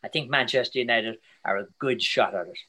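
An older Irish man, a soccer commentator, chatting as a guest in an interview in a chatty, storytelling way. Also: mid-range voice. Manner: chatty storyteller, animated, quick asides. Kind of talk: casual interview chat.

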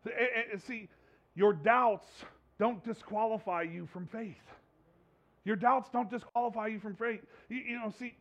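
A man with a high voice preaches a sermon in an animated, casual way. He stumbles and repeats himself, then acts out the people in his story. The sound is dull and lo-fi. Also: a little slow. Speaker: pastor. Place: church hall with slides.

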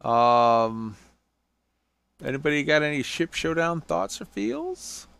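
Lively, swearing podcast host man. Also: medium pitch, takes it slowly, smooth. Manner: loose, swearing, jokey. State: tired. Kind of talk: casual gaming podcast chat.

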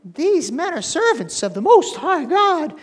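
A man voicing a possessed young slave girl with a squeaky, irritating voice. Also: very animated, measured pace, big-room sound, heavily acted. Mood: shrill.

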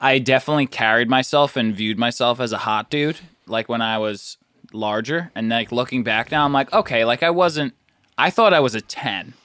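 A man's voice: mid-range voice, normal speed, a bit bright, no room sound, studio quality. A young man co-hosting a casual podcast, talking in a laid-back, wry and self-deprecating way. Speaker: podcast co-host. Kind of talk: casual chat.

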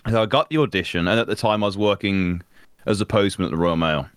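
A man's voice: low-pitched, quick pace, very noisy. A young man, a voice actor, telling stories in a casual interview and laughing often as he acts out lines. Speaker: voice actor guest.

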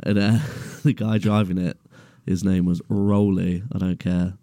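Deep, gravelly man telling a story. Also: level tone, unhurried, warm tone, no room sound, studio quality. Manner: laid-back, sweary, laughs through story. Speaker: podcast co-host. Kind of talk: casual storytelling chat. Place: garage.

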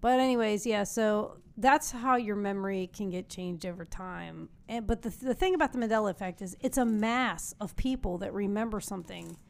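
Gravelly middle-aged woman co-host. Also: medium pitch, moderate pace, few pauses. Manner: chatty, explaining, amused. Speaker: podcast co-host. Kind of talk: casual conversational chat.

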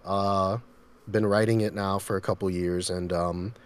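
A man's voice: low voice, little pitch movement, a little slow, smooth. A man, a voice actor, chatting casually and laughing often over a video call. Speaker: voice actor guest. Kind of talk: casual chat.

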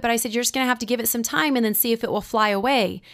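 A woman's voice: fairly high pitch, a bit bright. Dramatic storytelling woman preacher. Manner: dramatic storyteller, drawn-out pauses for suspense. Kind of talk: sermon with a personal story.

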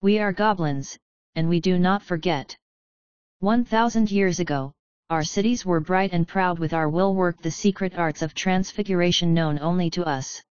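A woman's voice: fairly low pitch, moderate pace, a little mellow, clean tone, no room sound, muffled recording, close to an everyday voice. A woman voicing a small, proud, bitter male goblin leader who gives a grand speech in a raw, emotional voice.

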